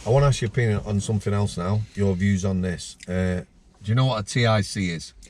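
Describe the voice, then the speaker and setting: Man, low pitch, unhurried anecdotal host. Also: a little mellow, slight background noise. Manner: anecdotal, slow deliberate asides. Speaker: former prison officer, host. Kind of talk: casual storytelling chat.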